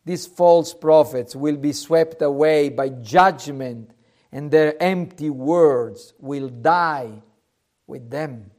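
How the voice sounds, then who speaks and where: Slow, emphatic high-voiced male preacher. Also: darkish tone. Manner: slow, emphatic preaching with rising and falling force, some hesitations. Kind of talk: sermon.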